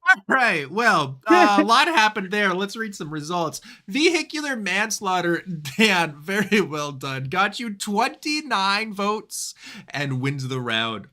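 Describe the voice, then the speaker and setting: A man hosting a comedy game show, his voice bright and ringing with lots of bounce in the pitch. He reads results and scores in an upbeat way, laughing along as he goes. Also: big pitch swings, slow. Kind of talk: reading results on a comedy podcast.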